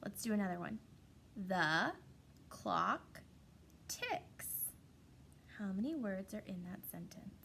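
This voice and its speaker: A woman's voice: mid-range voice, lively intonation, creaky, a bit bright, slight background noise. Sing-song woman teaching kindergarten online. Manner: sing-song, exaggerated and playful, drawn-out words.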